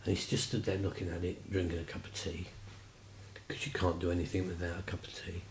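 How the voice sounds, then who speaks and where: A man's voice: deep voice, flat delivery, a little fast, reverberant, a little hiss or hum, low-quality recording. A man telling stories casually, rambling and chatty with lots of fillers. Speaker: vlogger. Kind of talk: casual storytelling.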